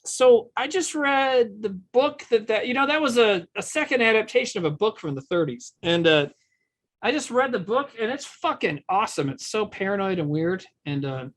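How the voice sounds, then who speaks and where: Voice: medium pitch, lively intonation, normal speed. A chatty, joking co-host in a casual group chat on a stream. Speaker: comedy troupe member, co-host.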